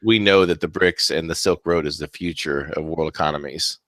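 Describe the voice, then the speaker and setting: A man's voice: extremely low pitch, fairly even intonation, brisk, a bit bright, dry recording. A man co-hosting a casual talk show, speaking loosely with lots of fillers. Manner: loose, filler-heavy, lots of "you know". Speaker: co-host.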